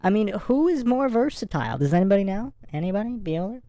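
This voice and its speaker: A woman's voice: medium pitch, very animated, quick pace, dark tone, dry recording. A woman hosting a livestream, commenting in a sarcastic, mock-admiring tone. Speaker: livestream host. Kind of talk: casual chat.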